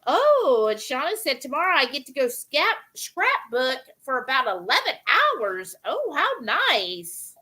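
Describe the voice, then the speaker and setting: A woman hosts a live cooking stream, casually reading viewer comments aloud and greeting each person by name. Her voice sits high with big pitch swings and a sharp tone, and she speaks unhurriedly with few pauses.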